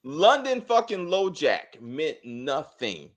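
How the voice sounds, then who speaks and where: Man, high-pitched, very expressive intonation, blunt, cursing, casual TV review chat. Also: slow. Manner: animated, blunt, cursing, frequent restarts. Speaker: TV show reviewer, co-host.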